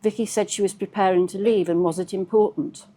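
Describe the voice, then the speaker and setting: A woman author reading aloud from her own novel in a measured, steady storytelling manner. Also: medium pitch.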